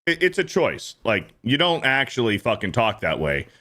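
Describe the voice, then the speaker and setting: A man's voice: medium pitch, very animated, normal speed, sharp tone. A man hosting a stream, giving casual reaction commentary in a blunt, profane, repetitive way. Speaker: streamer host.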